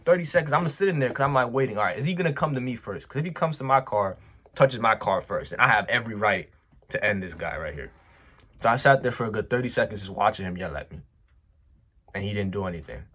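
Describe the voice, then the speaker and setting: A man's voice: on the low side, fast. A man, a business owner, telling a personal story in a casual, emphatic vlog monologue, full of slang. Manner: animated, emphatic, slangy, says "bro".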